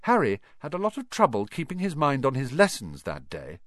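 A man narrating a children's fantasy novel in an expressive storytelling manner. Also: mid-range voice, fairly quick, no room sound, clean studio sound. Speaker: audiobook narrator.

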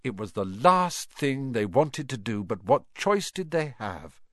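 A man reading a children's story aloud in an animated, expressive manner. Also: medium pitch, unhurried, no echo, studio quality. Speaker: audiobook narrator. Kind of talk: scripted storybook narration.

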